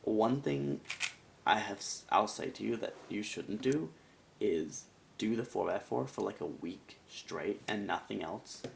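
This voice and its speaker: A man's voice: fairly low pitch, expressive, measured pace, vocal fry, a little hiss or hum. A man giving a casual product review in a rambling, chatty way with self-mocking asides. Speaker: cube reviewer.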